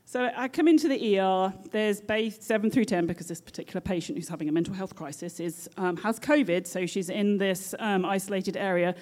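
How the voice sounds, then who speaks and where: A British woman, a nurse, tells a story from her working life. Her delivery is lively and animated, and laughter often breaks into her speech. Her voice sits in a middle pitch range. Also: a little fast, few pauses. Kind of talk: personal storytelling.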